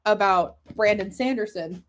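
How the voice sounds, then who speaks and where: A woman's voice: mid-range voice, moderate pace. A woman guest in a casual podcast chat, reacting with short, upbeat comments.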